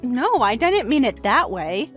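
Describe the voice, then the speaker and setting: A woman voicing a polite, patient young wife in a dramatized text-message story, speaking gently and calmly. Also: fairly high pitch, a little slow. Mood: mild. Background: faint music.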